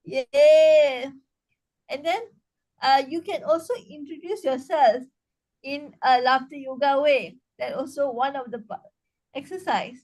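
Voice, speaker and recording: A woman leads a laughter yoga class, with a high voice that keeps climbing into bursts of loud, rhythmic laughter and cheers. She talks slowly and calmly between the exercises, like a teacher guiding a group. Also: low-quality recording. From Malaysia. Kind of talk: leading a laughter yoga session.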